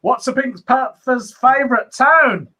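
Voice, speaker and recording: A British man reading audience puns aloud on a comedy stream, clearly relishing them. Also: very high-pitched, measured pace, sharp tone. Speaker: reader of audience jokes.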